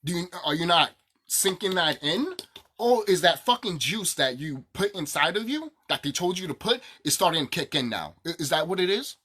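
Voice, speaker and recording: Profane man ranting, husky and bright. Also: high-pitched, very animated, normal speed. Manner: angry, profane, repetitive ranting. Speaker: vlogger. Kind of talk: ranting to camera.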